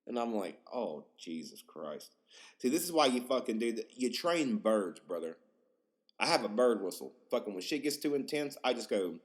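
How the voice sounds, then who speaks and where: A man in his twenties hosting a podcast, rambling casually, swearing a lot and getting excited. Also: medium pitch, brisk. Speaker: podcast host.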